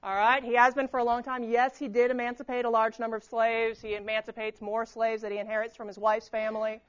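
A woman's voice: a little high, little pitch movement, fast talker. A woman giving a conversational history lecture in a classroom, often checking in with the students. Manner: conversational, keeps checking in with "okay?". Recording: slightly dull lo-fi recording.

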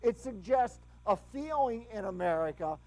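A man giving a history lecture to a class, animated and full of rhetorical questions. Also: high voice, normal speed, rough recording.

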